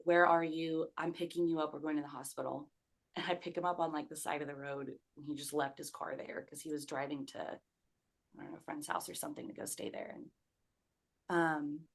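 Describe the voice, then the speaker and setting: Low-voiced young woman telling her story. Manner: conversational, many "like" fillers, acts out quoted speech. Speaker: podcast guest. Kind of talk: personal storytelling.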